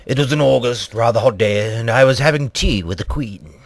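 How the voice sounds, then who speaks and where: Young man, comic storyteller, mock-posh, rambling, mid pitch, dry close sound. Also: brisk, no room sound.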